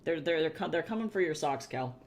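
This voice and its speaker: A man from the US with a high-pitched voice chats loosely with his stream viewers. He reacts to chat and swears freely. Keyboard typing is heard behind him. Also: animated, fairly quick. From United States. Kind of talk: casual livestream chat with viewers.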